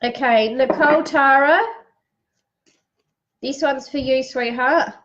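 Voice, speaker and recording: Speaking slowly in a high, fairly bright voice, a woman reads cards on a live stream, naming viewers and reciting affirmations with the occasional sniffle. She is a psychic card reader, and the sound is lo-fi.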